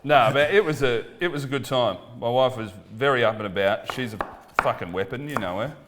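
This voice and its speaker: An Australian man in his thirties tells stories loudly and profanely, with a mid-range pitch. He has the quick, animated delivery of a comedian. A faint hiss sits behind him. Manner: loud, swearing, animated bits. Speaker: comedian podcast co-host. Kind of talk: casual comedic storytelling.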